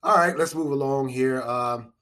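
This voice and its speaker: A man's voice: mid-range voice, moderate pace, pushed and bright. A man hosting a casual solo podcast, rambling and repeating himself with chuckling asides. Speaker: podcast host.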